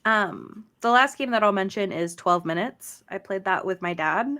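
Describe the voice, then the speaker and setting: A woman's voice: mid-range voice, moderate pace, fairly bright tone. A woman co-hosting a gaming podcast, chatting casually with lots of fillers and laughter. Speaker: podcast co-host. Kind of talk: casual chat.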